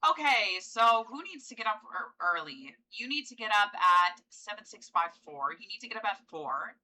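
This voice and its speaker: Bright-voiced woman narrating her gameplay. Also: mid-range voice, lively intonation, normal speed, rough recording. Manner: chatty, coaxing, pleading with game characters. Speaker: gameplay video host. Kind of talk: casual gameplay commentary.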